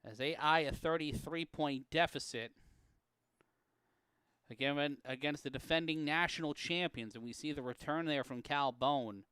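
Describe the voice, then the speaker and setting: A man calling an amateur football game play-by-play, profane and prone to erupting into shouts and laughter on big plays. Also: fairly high pitch, moderate pace, clear, resonant tone, no room sound, clean studio sound. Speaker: play-by-play commentator. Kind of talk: sports commentary.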